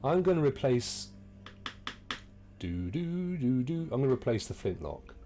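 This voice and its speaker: A man's voice: mid-range voice, very animated, measured pace, dark tone, soft background music. Middle-aged Englishman casually commentating a game. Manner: chatty and jokey, talks to viewers. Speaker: game streamer. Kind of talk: casual let's-play commentary.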